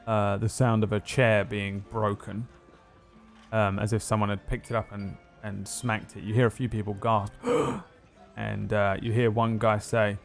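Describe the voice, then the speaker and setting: A man narrating a tabletop game as game master, describing scenes with frequent pauses. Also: lowish voice, fairly even intonation, faint music behind.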